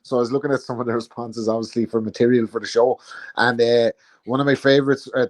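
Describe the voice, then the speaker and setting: A man's voice: medium pitch, steady tone, fast talker. A man co-hosting a boxing podcast, telling stories with frequent laughs and swearing. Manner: laughing storyteller, swears often. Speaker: podcast co-host. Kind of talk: casual chat.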